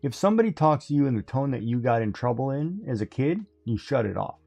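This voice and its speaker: A man's voice: mid-range voice, sing-song, fast talker, creaky, mellow, husky. A man in casual chat who tells stories, acts out voices and laughs often.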